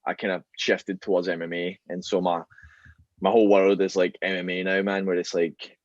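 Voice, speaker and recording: A man's voice: low-pitched, no room sound, muffled recording. A man with a Glaswegian Scottish accent chatting casually as a podcast guest, rambling with lots of fillers and restarts. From Scotland. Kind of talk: casual chat.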